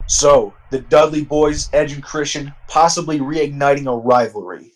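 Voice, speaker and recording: A man's voice: fairly high pitch, normal speed, poor audio. A man narrating a wrestling sim game in casual, profane, rambling commentary. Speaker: let's-play narrator.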